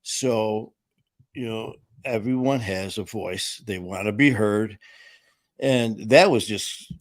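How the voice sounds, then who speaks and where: A man hosting a casual live-stream chat speaks slowly in a fairly low voice, with clean studio sound and no room noise. He's jokey and rambling, acting out quotes as he tells his stories.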